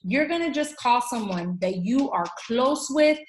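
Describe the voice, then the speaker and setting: Upbeat woman team coach, slightly high voice, echoey room, animated pep talk. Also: a little slow, a little hiss or hum. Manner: animated, acts out quoted dialogue. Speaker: fitness coach team leader. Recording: roomy echo.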